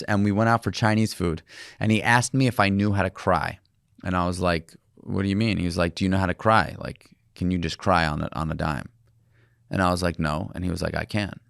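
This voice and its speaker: Solo podcast host, forties, male; low gravelly voice, candid confessional delivery. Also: dry recording, clean studio sound. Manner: candid, rambling, emotional storytelling with restarts.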